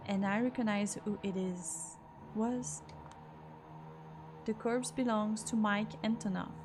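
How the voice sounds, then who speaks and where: Woman reading a visual novel aloud. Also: mid-range voice. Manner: expressive reading with occasional asides. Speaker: let's play streamer. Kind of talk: first-person narration of a visual novel.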